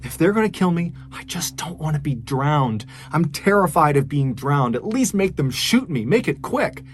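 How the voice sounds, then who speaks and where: A man's voice: on the high side, very animated, normal speed, slight background noise, pitched above the performer's own voice. A man voicing a terrified young woman, pleading frantically with a friend to save her. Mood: desperate pleading.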